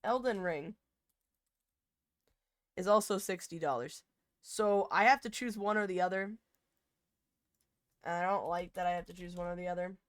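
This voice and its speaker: A young woman streamer chats casually with her viewers, rambling, cutting herself off, and sometimes bursting into loud laughter. Her pitch is fairly low and her pace normal, with long pauses, in a clean, echo-free studio recording.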